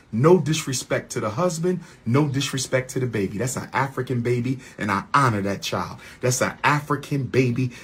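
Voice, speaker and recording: A man in a heated, mocking rant to his audience, repeating lines for effect and swinging from loud outbursts to quiet asides. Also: medium pitch, slightly rough. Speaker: speaker addressing his audience.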